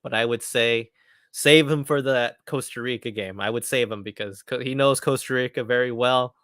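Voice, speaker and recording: A man's voice: medium pitch, normal speed, a bit bright, smooth, dry recording, clean studio sound. A man hosting a live football watchalong, reacting eagerly and chatting casually, often repeating his phrases. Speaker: watchalong host. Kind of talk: live match commentary watchalong.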